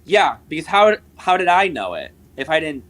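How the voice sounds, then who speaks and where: A man with a bright, cutting voice argues on a live stream, mocking the other side with sharp jabs. His pitch leaps up and down as he presses his points, and he stays combative and scornful throughout. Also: very animated, moderate pace, poor audio. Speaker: guest in a live debate. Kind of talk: heated live-stream argument.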